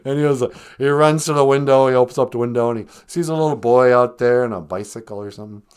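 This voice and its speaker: A man's voice: mid-range voice, fast, darkish tone, clean tone. A man hosting a live stream, retelling a story casually, rambling and joking. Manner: rambling, joking, laughs at own jokes.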